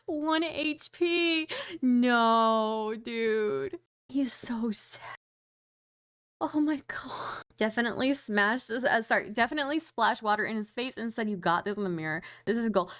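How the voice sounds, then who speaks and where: A woman streamer giving excitable, mocking reaction commentary, laughing often and swearing casually. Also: a little high, moderate pace, clear, resonant tone, no echo, clean studio sound.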